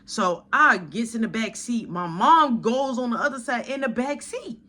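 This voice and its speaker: A man telling a casual storytime in an animated, slangy, dramatic style. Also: extremely high pitch, normal speed.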